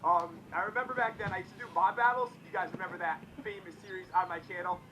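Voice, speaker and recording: Young guy vlogging, high bright voice, talks super fast, bit of hiss behind. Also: fairly even intonation. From Connecticut, US. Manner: chatty, self-deprecating, addresses viewers as guys. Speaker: YouTuber. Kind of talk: casual vlog chat.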